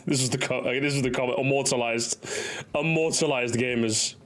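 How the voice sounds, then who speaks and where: A man's voice: mid-range voice, brisk, a bit bright. A man casually reacting to memes, laughing often, swearing and acting out little bits.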